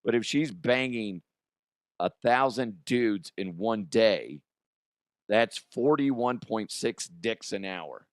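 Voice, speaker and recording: Hoarse low-voiced man, crude joking host. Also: lively intonation, slow, dry recording. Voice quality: crude, joking, laughs often. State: hoarse, strained voice. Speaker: podcast host. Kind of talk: casual comedic news chat.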